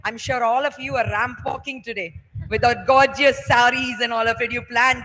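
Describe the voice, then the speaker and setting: A woman's voice: on the high side, steady tone, moderate pace, pushed and bright. A woman giving a playful motivational talk to students, acting out everyday scenes to make her points. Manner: playful, acts out everyday examples. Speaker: workshop speaker. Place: large hall. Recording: echoey hall.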